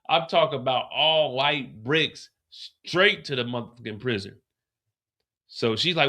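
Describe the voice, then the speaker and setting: Male host for a casual recap stream, animated and cussing freely, bright forceful voice. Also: medium pitch, a little slow. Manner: animated, profane, slangy. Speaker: livestream host.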